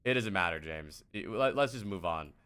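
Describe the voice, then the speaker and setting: A man's voice: low-pitched, animated, normal speed, sharp tone, clear, resonant tone. A young man streaming as a game coach, talking casually in an exasperated, rambling way, with lots of swearing and restarts.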